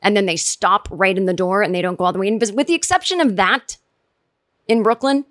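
A woman hosting a podcast, chatting casually and animatedly, jumping into high voices when she quotes people. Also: a bit bright, no echo, studio quality. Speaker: podcast host recapping a TV episode. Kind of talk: casual chat.

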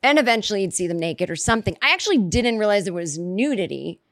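Rambling, animated woman telling a comic story. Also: fast talker, no room sound, studio quality. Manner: rambling, self-interrupting, lots of "like" and "you know"; animated, jumps in pitch for emphasis.

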